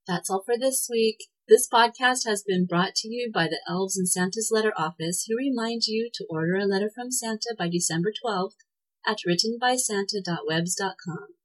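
A woman hosting a podcast and reading a children's story with a cheerful, clear delivery. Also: medium pitch, normal speed, poor audio. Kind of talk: scripted narration of a children's story.

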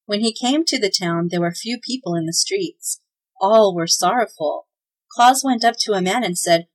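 A woman reads a children's storybook aloud as the host of a holiday podcast. Her telling is gentle and expressive, clear and even in pace. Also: medium pitch, normal speed, rough recording. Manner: gentle, expressive read-aloud with voiced characters.

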